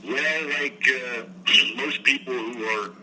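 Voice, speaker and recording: A man's voice: medium pitch, slow, noisy background. An older man from New Jersey, a guest entertainer, telling his story in a meandering way with many fillers and restarts. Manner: meandering, frequent fillers and restarts, clears throat. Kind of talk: rambling casual interview answers.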